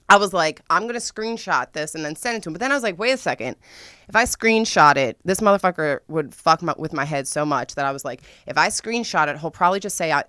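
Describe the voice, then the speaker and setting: A young woman hosting a podcast tells her own story in a casual monologue, full of swearing and drama, sometimes bursting into loud squeals. Her voice is smooth and lower-pitched, recorded close and dry with no room sound or echo.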